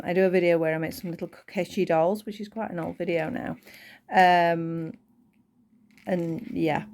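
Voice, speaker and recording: A crochet tutor from Northern England, with the accent to match, chats casually while teaching a project, rambling into asides full of fillers. Her voice is fairly low and darkish in tone, and it sounds like it's tiring.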